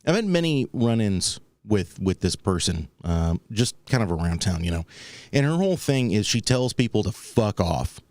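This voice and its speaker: A podcast host with a fairly low, sing-song, slightly mellow voice speaks at a normal speed with no echo. In a casual comedic talk show segment, he tells a rambling, wry story and acts out the people he quotes.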